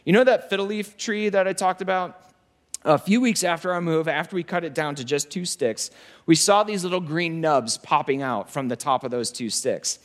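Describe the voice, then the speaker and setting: A male pastor preaches a sermon in an emphatic, repetitive style. His voice sits a bit high for a man. He slows down and goes quiet to drive a point home. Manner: emphatic, repeats key phrases, drops low and slow for weight.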